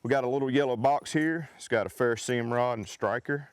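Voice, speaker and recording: A man with a Southern US accent giving a casual, chatty outdoor gear demo in the woods, folksy and quick to laugh at himself. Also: medium pitch, clear, resonant tone, no room sound. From North Carolina, US South. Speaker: gear reviewer.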